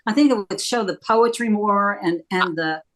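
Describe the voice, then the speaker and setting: A woman pastor on a panel telling a relaxed story. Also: mid-range voice, moderate pace. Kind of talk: panel discussion.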